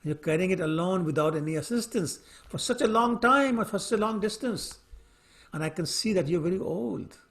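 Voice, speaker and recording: A man's voice: high voice, expressive, a little fast, voice pushed up. A man voicing an arrogant, hot-tempered king who mocks and scolds a servant in a retold story. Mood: sarcastic. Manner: sarcastic, then yelling and scolding.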